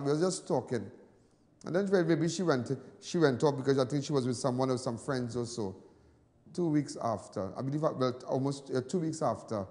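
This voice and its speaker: A Trinidadian man hosting a news show, telling personal stories in casual commentary, animated and then low and soft when sad. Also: big-room sound. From Trinidad and Tobago.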